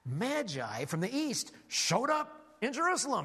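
A man preaching a sermon as a lively story, animated, with frequent restarts. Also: very high voice, unhurried, husky.

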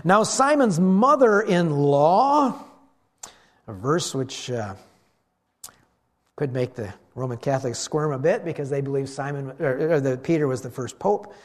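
A pastor preaches a sermon to a congregation in an animated, unhurried way, acting out the voices in the story. His voice is fairly high in pitch.

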